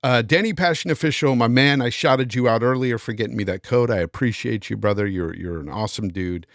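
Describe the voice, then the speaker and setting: A man's voice: mid-range voice, fairly quick, creaky, dry recording, clean studio sound. A man hosting a casual live-stream podcast, reading out super chats and thanking viewers by name. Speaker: podcast host.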